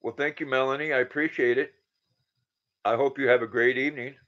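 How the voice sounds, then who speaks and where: Man in his 60s, livestream host, casual chat, reads viewer comments aloud, mid-pitched voice, dull lo-fi audio. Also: steady tone, fairly quick, a bit bright. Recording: dull lo-fi sound.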